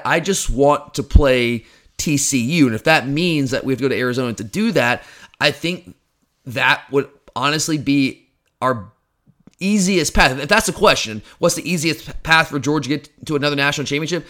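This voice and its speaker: A man's voice: mid-range voice, brisk, fairly bright tone. A man co-hosting a sports podcast, talking casually in a rambling, opinionated way about college football. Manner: rambling, opinionated, self-deprecating. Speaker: podcast co-host.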